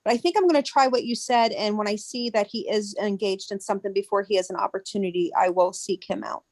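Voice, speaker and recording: A woman's voice: medium pitch, fast talker, darkish tone, no room sound. A woman child care teacher asking a question on a webinar, hesitant and searching for words. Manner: hesitant, searching, with many restarts.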